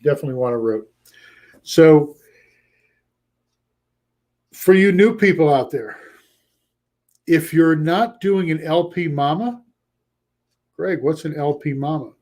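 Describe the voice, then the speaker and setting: A man coaching a live online audience in an energetic, conversational voice that sits a touch higher than most men's. He hammers home points by repeating them and slips into quick acted snippets of phone calls. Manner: energetic, repeats key phrases for emphasis; acts out short role-play lines with a lifted voice. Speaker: coach hosting a weekly live show. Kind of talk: casual coaching talk to a live chat.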